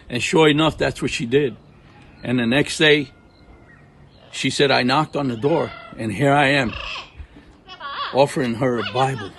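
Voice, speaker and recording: A middle-aged man from Puerto Rico, a ministry partner telling faith testimonies in an animated way, acting out what people said. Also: mid-range voice, a little slow, pauses often, background noise. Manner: animated storyteller, acts out quotes. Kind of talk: testimony talk. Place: outdoors at home.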